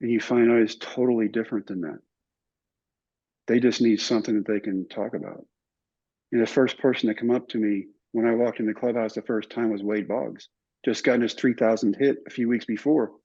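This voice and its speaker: An older man tells stories in an interview with a husky voice, acting out the people he quotes. His voice sits at an ordinary pitch. The recording sounds somewhat dull and muffled. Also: a little fast. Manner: animated storyteller, acts out other people's lines. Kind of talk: telling stories in a relaxed interview.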